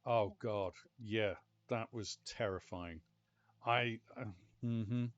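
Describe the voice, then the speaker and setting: A British man casually chatting and telling stories while playing a game, animated and exclamatory. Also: on the low side, slow, lo-fi sound. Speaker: gaming channel host. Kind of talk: casual gameplay commentary.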